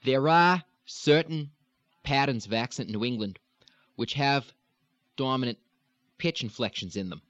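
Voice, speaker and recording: A man's voice: medium pitch, fairly bright tone, no echo. Man teaching accents, dull dry recording. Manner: measured and explanatory, drawn-out demonstration sounds. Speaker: dialect coach. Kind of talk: instructional lecture.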